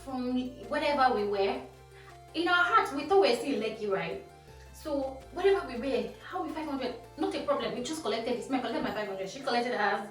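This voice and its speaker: A young woman with a Nigerian accent telling a storytime vlog in a lively, animated way, dropping Pidgin phrases. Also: high voice, fairly quick. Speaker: vlogger. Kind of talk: casual storytime. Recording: echoey room, voice from a distance, faint music.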